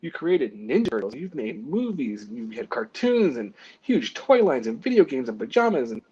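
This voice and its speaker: A husky, medium-pitched man speaking at normal speed, captured in a muffled recording, is a comic book artist in a casual interview. His lively, self-deprecating anecdotes feature acted-out quotes, plenty of "like," and regular laughs and small coughs.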